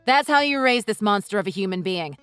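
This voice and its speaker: A woman voicing a furious wife in a text-message story, who talks in a sharp, sarcastic, cutting way. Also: mid-range voice, lively intonation, fairly quick, clear, resonant tone, no echo, soft background music, natural voice. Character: furious wife confronting her in-laws.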